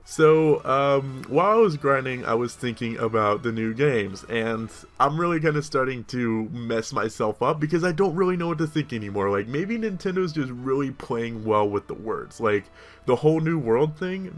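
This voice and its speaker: A young man giving rambling, excitable commentary while playing a video game. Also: mid-range voice. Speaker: gaming YouTuber. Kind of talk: casual Let's Play commentary.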